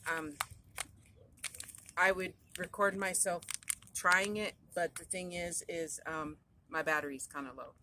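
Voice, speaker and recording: A woman's voice: on the low side, fairly even intonation, unhurried, pauses often. A middle-aged woman, rambling and chatty as she tells a story to her phone camera. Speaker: vlogger. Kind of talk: casual chat to camera. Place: in a car. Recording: noisy car phone recording. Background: road and vehicle noise.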